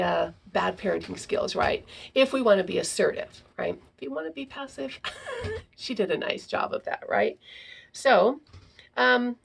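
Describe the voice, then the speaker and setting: A woman's voice: mid-range voice, vocal fry, slightly rough. A woman hosting a parenting talk, explaining in a casual teaching style and tagging her points with "right?". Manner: frequent "right?" tags, reads aloud from a book. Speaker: parenting podcast host.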